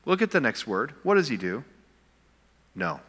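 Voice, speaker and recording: A male pastor preaching a sermon, building to emphatic peaks and sinking to quiet, intense stretches. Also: medium pitch, very animated, normal speed, husky. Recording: long reverb of a large hall.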